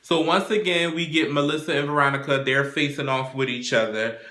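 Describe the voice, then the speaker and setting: A man with a bright, forceful voice talks through a TV episode in a loose, casual way, swearing freely and slipping into the characters' lines as he retells each scene. The sound bounces around an echoey room. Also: fairly high pitch, fairly even intonation, fairly quick. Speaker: TV recap show host.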